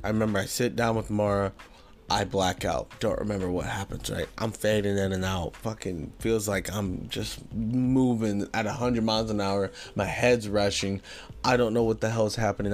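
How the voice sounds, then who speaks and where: Young man telling a wild story. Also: on the low side. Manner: animated, swears a lot, slangy. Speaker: podcast host. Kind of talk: casual storytelling.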